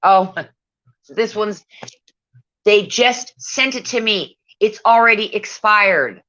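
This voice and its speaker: A woman's voice: mid-range voice, slow pace, pushed and bright, dry recording. A woman on a casual livestream, profane and exasperated, muttering to herself as she goes. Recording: dull lo-fi sound.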